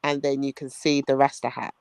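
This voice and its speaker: A man tells a story in lively, chatty bursts. He throws in "bro" and acts out the people he quotes. His voice sits at a middle pitch on a dry, close mic. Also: a little fast, creaky, smooth, no room sound. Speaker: podcast co-host. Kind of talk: casual storytelling chat.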